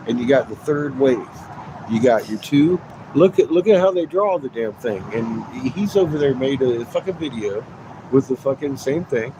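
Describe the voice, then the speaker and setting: A man's voice: mid-range voice, background noise. A man livestreaming a rambling, profane rant, swearing constantly, repeating himself and laughing between points.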